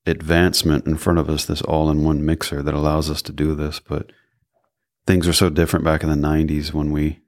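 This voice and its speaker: A man hosting a podcast interview in a studio, relaxed and encouraging, with lots of affirmations. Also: extremely low pitch, fairly quick. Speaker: podcast host. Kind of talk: casual interview chat.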